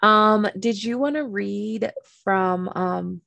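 A woman's voice: medium pitch, steady tone, slow, creaky, a bit bright, no room sound. A woman co-hosting a podcast, chatting casually about a fantasy book and swearing freely. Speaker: podcast co-host.

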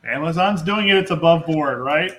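Bright-toned man making dry asides. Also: on the high side, unhurried, a little hiss or hum. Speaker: podcast co-host. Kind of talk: casual chat.

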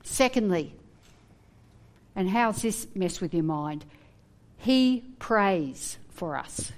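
A woman preaching a sermon, earnest and animated, with humorous asides. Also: mid-range voice, slow.

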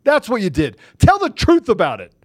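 An agitated man, a guest on a talk show, ranting angrily and forcefully, often repeating himself. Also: high voice, wildly swooping pitch, moderate pace. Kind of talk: heated political rant.

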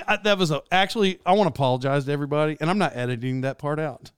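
A man in his thirties telling rambling, animated stories in a casual monologue as a podcast host. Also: a little high, quick pace, few pauses, clean tone, no echo, clean studio sound. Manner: rambling, animated storytelling with laughs.

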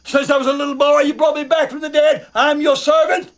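Desperate praying man in film clip, pleading, very high strained voice. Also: flat delivery, a little fast. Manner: pleading, raw, shouting then muttering. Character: anguished middle-aged man praying, yelling at God.

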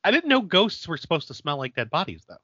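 Laughing man recapping a film, bright voice. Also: a little high, very animated, fast, no echo, lo-fi sound. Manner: laughs often, fills talk with "like". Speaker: podcast co-host. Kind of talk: casual chat recapping a film.

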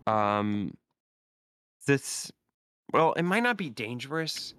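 A man's voice: medium pitch, very animated, slow, fairly bright tone, smooth, dry recording, clean studio sound, pitched above the performer's own voice. A man voicing a colony official in a tabletop game, who politely asks for help with a nuisance and sounds mildly exasperated. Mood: mildly annoyed.

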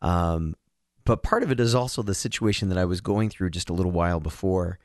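A man with a very deep voice speaks earnestly in a casual book chat, with self-deprecating asides and plenty of fillers. The sound is dry and close-miked, with no room around it. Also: brisk, a little mellow, no room sound. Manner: earnest and emotional, reads a passage aloud, self-deprecating. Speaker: podcast co-host.

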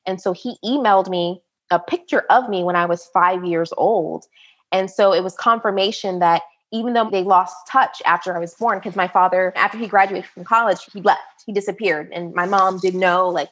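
Animated woman recounting her own story. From United States. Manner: animated, acts out quoted voices at a higher pitch. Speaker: interview guest. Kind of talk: personal storytelling in an interview.

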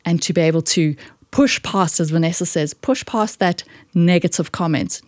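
Emphatic lower-voiced woman coach. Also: normal speed, darkish tone, no echo, studio quality. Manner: emphatic, swooping up in pitch for stress. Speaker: guest. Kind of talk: animated coaching talk.

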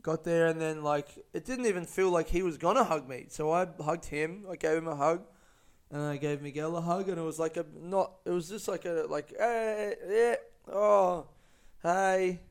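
A man's voice: a little high, brisk. A man telling a personal story in a casual monologue, rambling and profane with many fillers and restarts.

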